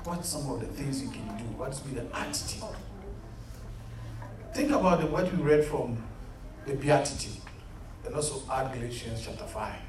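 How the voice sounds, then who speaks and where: A man pauses often as he speaks at a moderate pace in a mid-range voice, leading a youth group through an interactive Bible study sermon. He earnestly quizzes them and addresses them as "beloved." The chair-filled room echoes, the mic is distant, and there's a faint hum.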